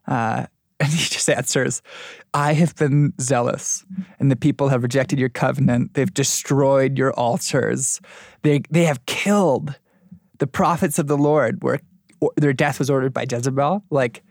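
A man in a casual faith discussion, retelling a scripture story with lively acted-out quotes. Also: medium pitch, a little slow, vocal fry, dry recording, studio quality.

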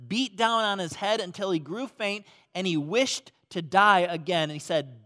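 A man preaching a sermon as pastor, swinging between loud emphasis and hushed, soft passages. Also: sits high, normal speed, hardly any pauses. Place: church auditorium.

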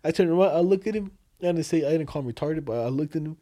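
A young man talks quickly in an easy, slangy chat. He tells his stories with lots of energy and jumps into other people's voices along the way. His voice sits a little high, with a soft, mellow tone. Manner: animated storytelling, slangy, acts out others' lines. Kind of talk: casual chat.

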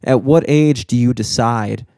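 A man's voice: medium pitch, unhurried, warm tone, no echo, studio quality. A young man in casual chat, rambling and swearing, with lots of filler words.

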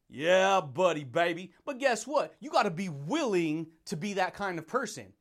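Young adult male motivational podcaster with a high voice, intense and brash, peppered with laughs and slangy asides. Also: very animated, takes it slowly. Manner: intense and brash, laughs often, says dude and buddy. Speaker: podcast host. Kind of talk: motivational monologue.

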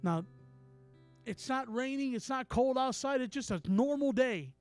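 A man who is a traveling minister, telling a story in a sermon with animated, acted-out dialogue. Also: very high voice, unhurried, soft background music.

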